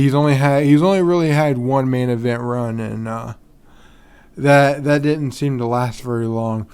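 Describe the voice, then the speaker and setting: A man's voice: medium pitch, darkish tone, clear, resonant tone. A man hosting a podcast on his own in a casual, rambling way, full of ums and restarts, yawning and tired. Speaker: podcast host. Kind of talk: casual solo podcast talk.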